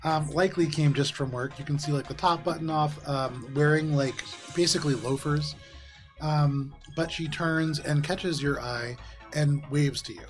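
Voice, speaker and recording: A man running a tabletop game as game master, narrating scenes in a relaxed, descriptive way with frequent ums. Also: fairly high pitch, normal speed, soft background music.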